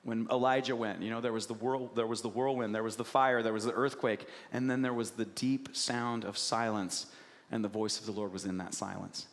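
A man's voice: lowish voice, brisk. Preacher man in a reverberant hall. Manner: asks the congregation questions, animated storytelling. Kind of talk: sermon. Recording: long reverb of a large hall.

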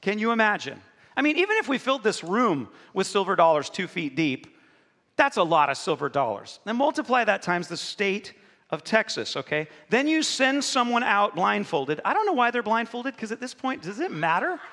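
Guy preaching, cracks jokes at the crowd, bright voice with long church reverb. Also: high-pitched, moderate pace. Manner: joking, animated, talks to the congregation. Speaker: pastor. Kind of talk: sermon. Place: church hall. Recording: live in a reverberant hall.

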